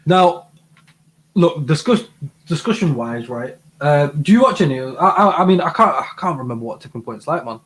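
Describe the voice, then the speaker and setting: A man's voice: fairly high pitch, animated, moderate pace, a bit bright. Eager man, stumbling repeats. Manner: enthusiastic, stumbles and repeats words, playful. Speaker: advice show co-host. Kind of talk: casual live-stream banter.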